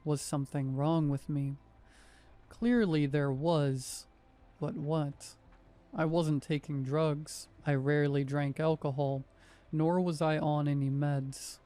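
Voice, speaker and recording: A man's voice: a little high, fairly even intonation, slow pace, warm tone. A man in his thirties reading a first-person horror story in a wry, conversational way. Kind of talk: first-person scripted narration.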